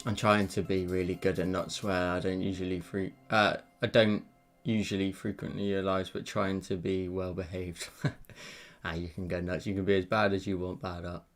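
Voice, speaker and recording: Gravelly low-voiced man chatting. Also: little pitch movement, normal speed, soft background music. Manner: chatty, rambling, self-deprecating asides. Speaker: live-streaming digital artist. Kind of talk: casual live-stream chat while drawing. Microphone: desk mic.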